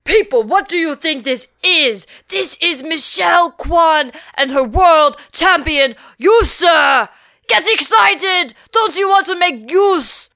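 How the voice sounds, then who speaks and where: A woman voicing a furious little male director who yells overblown hype at an audience through a megaphone. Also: extremely high pitch, animated, slow, no echo, studio quality, pitched above the performer's own voice, exaggerated voice. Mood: frenzied.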